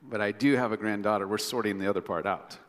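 Chatty middle-aged pastor in a reverberant hall. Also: male voice, on the low side, steady tone, fast. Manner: chatty, joking asides to the congregation. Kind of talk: sermon. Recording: long reverb of a large hall.

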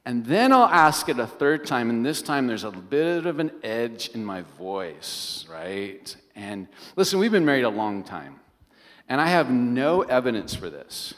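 A middle-aged man, a pastor, preaching a sermon as an animated storyteller who keeps asking the congregation questions. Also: mid-range voice, measured pace. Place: large church hall. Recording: long reverb of a large hall.

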